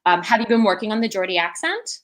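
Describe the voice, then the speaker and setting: A woman's voice: medium pitch, expressive, fast talker, a bit bright. A woman, an associate director, chatting casually in an online video, with many fillers and laughs. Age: adult.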